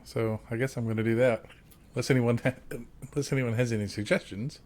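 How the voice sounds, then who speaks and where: A man's voice: medium pitch, steady tone, fast, darkish tone. A man playing in a tabletop game, chatty and hesitant, with lots of ums as he works out his moves. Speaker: player.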